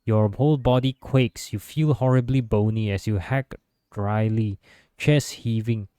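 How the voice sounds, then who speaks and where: A man reading visual novel narration aloud in steady second person, with small stumbles. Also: lowish voice, a little slow, clear, resonant tone, no room sound, studio quality. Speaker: gameplay narrator.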